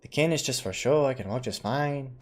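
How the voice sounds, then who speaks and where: A man's voice: mid-range voice, fairly quick, soft background music. A man streaming a game and tossing off casual, joking remarks. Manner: offhand and joking. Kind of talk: casual gameplay commentary.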